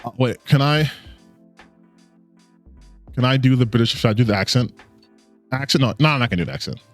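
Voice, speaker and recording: A man's voice: mid-range voice, a little fast, soft background music. A man doing reaction commentary as a gaming streamer, mocking and profane, often laughing.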